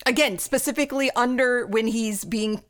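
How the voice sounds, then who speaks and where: A woman's voice: fairly high pitch, normal speed, fairly bright tone. A woman co-hosting a casual comics podcast, sharing facts with a slightly hesitant delivery. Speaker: podcast co-host. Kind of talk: casual chat.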